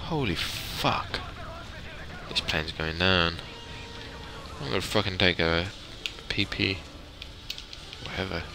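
A man giving excitable gaming commentary, swearing and yelling his reactions as he plays. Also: low voice, slow pace, gravelly, pauses often. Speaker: let's play host.

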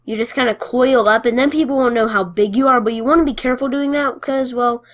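A woman giving casual gameplay commentary, playful and excitable, cheering her wins and taunting the other players. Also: fairly high pitch, fast.

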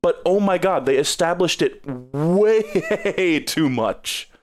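A man's voice: fairly high pitch, animated, slow pace, a little mellow. A man streaming a game review, talking casually with lots of swearing and exasperated sarcasm.

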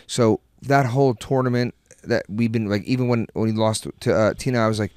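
A man's voice: on the low side, steady tone, a little fast, a little mellow, clear, resonant tone, dry recording, studio quality. A man in casual podcast chat, telling a profane story with a lot of energy and acting out the lines he quotes.

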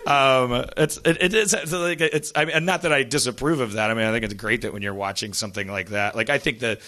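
A man from Wisconsin hosting a comedy podcast, rambling in casual chat with many repeated words and quick laughs. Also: mid-range voice, fairly even intonation, bright, forceful tone. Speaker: podcast host.

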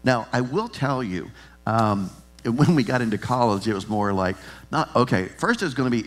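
A man's voice: medium pitch, normal speed, faint music behind. A middle-aged male pastor preaches with an easy, humorous storytelling manner. His voice sits in a middle register but swings widely up and down as he acts out the characters in his stories. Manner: animated storytelling, acts out dialogue. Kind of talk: sermon.

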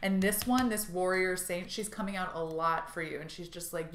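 A woman's voice: on the low side, steady tone, normal speed, a bit bright, slight background noise. Bubbly woman reading cards in a roomy space. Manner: bubbly, gushing, laughs often, many fillers. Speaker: tarot and intuitive card reader. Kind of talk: channelled card reading to viewers. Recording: roomy echo.

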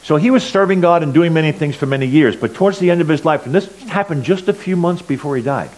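A middle-aged man giving a personal testimony at church, telling stories earnestly and swinging between loud and quiet. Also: a little high, fast, rough recording. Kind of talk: sermon testimony.

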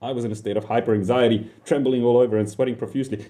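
A man's voice: medium pitch, fairly even intonation, very fast, few pauses, dark tone. A man telling an absurd comic story about himself in the first person, rambling, swearing and talking back to his listeners.

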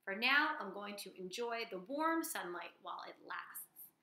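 A woman voicing lazy frogs in a storybook reading, with a slow, drawling, croaky voice. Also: medium pitch, lively intonation, pushed and bright, echoey room.

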